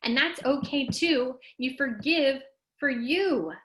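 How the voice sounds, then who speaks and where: A woman hosting a casual motivational talk, speaking straight to her viewers in an animated, emphatic way and reading out their comments. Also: slow, poor audio. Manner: animated and emphatic, rising high when making a point; talks straight to the audience and reads out their comments. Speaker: host of a live wellness talk.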